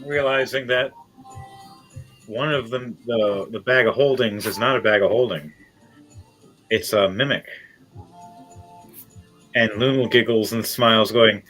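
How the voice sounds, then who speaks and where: A man's voice: mid-range voice, unhurried, pauses often, a bit bright, faint music behind, poor audio. A man narrating a tabletop game as game master, in a rambling, playful way.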